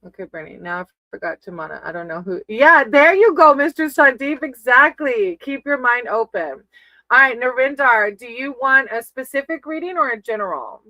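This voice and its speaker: A woman reads tarot for her viewers in a chatty, affectionate way. She calls them sweetie and baby as she works through names on her list. Her voice is bright and sharp, recorded dry and close. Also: high-pitched, lively intonation, normal speed, no echo, low-quality recording. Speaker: tarot reader on a live stream. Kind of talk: casual live-stream tarot reading.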